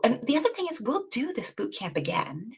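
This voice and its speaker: Animated co-host, woman, gravelly and expressive, chatty teacher. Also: a little high. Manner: chatty, animated, self-deprecating, quick asides. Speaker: bootcamp co-host. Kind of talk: casual livestream teaching chat.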